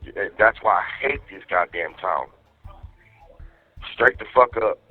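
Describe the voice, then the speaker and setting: A man's voice: low voice, expressive, unhurried, breathy edge, no echo. Angry man on a tinny jail phone. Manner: angry, profane venting. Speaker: inmate on a jail phone call. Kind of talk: phone call to his wife. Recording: tinny jail phone line, faint music.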